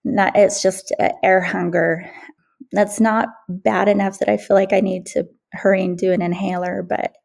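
A woman from Utah speaking as a guest in a casual interview, candid and halting, with small laughs and running short of breath. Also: mid-range voice, level tone, vocal fry, a little mellow.

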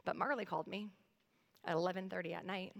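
Preaching from a church sanctuary, a pastor in her thirties weaves a personal story into her sermon, addressing the congregation directly in an earnest, conversational way. She talks fast, with a fairly low, gravelly voice and a steady tone, and long hall reverb fills the recording.

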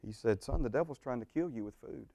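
A man's voice: medium pitch, animated, quick pace, gravelly, dark tone, dry recording. A man who is a pastor, teaching a church group in a folksy, joking way and saying amen often.

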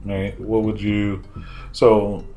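A man in the role of game master, narrating a tabletop game in a casual, halting way. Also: on the low side, completely flat delivery, warm tone. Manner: casual, halting, many fillers.

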